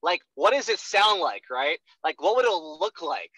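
A young man coaches a sales trainee in a blunt, profane rush, hammering each point and checking in with "right?" again and again. His voice sits a little high and very bright, and the dry, close sound comes through a dull lo-fi recording. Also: very animated, normal speed, no echo. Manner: profane, emphatic, keeps asking "right?". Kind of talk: blunt one-on-one coaching talk.

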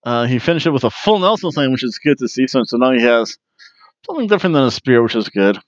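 A man's voice: medium pitch, very animated, quick pace, no room sound. A man in a loose, rambling wrestling recap, tossing in jokes and trailing off into fillers before picking the thread back up. His voice sits in a middle register. The sound is dry and a little dull, like a home podcast mic. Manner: rambling and jokey, with many fillers and restarts. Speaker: podcast host reviewing wrestling. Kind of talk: casual wrestling review monologue.

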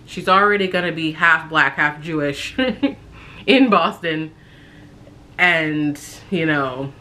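A young woman casually telling a personal story on her vlog, talking in a halting, reflective way with frequent fillers and restarts. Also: sits low, pushed and bright, slight background noise.

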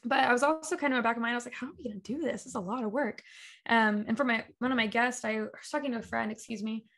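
A young woman in a relaxed interview, speaking in a fairly high voice. She tells her story with lively back-and-forth, putting on the voices of the people she quotes. Her talk is loose and bubbly, full of fillers and laughter. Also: racing. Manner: animated storyteller, acts out quoted dialogue, laughs often. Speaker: guest, talk show creator. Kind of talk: casual interview chat.

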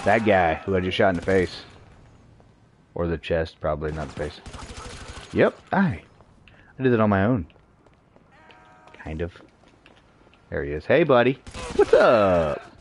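A male streamer calls out a shooter game live, teasing the enemies and playing hurt when they insult him. His pitch leaps around all the time, sitting at an average height. Faint noise sits under the voice. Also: sing-song, slow pace, long pauses. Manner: playful, taunting enemies, mock-offended. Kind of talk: live gameplay commentary.

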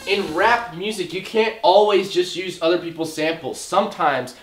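A young man hosting a sarcastic comedy music-production tutorial, excitable and swearing, jumping to shouts. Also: sits high, moderate pace, noisy background. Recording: roomy echo with faint music.

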